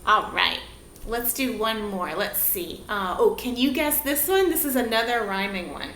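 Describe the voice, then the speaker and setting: A woman leads young children through a rhyming dance lesson, asking sing-song questions at a slow, patient pace. Her fairly high voice swoops up and down with lots of life. She sounds a little distant in an echoey room. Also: animated, a bit bright. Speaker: movement teacher. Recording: echoey room, faint background hiss.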